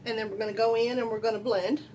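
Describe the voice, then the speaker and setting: Loud, folksy woman doing makeup. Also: on the high side, steady tone, fast, highs cut off, slight background noise. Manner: chatty, loud and folksy, asks viewers questions. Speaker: beauty vlogger. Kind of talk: casual makeup tutorial.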